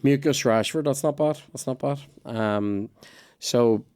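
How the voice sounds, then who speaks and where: A man's voice: mid-range voice, unhurried, darkish tone. A man hosting a podcast in casual chat, a rambling storyteller who swears freely and keeps losing his thread, with a nagging cough. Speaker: podcast host.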